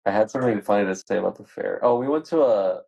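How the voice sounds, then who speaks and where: A man with a fairly low voice talks in a relaxed, easygoing way. He co-hosts a casual chat and tells stories at an unhurried pace. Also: gravelly, muffled recording. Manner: laid-back storyteller. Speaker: co-host of a collecting podcast.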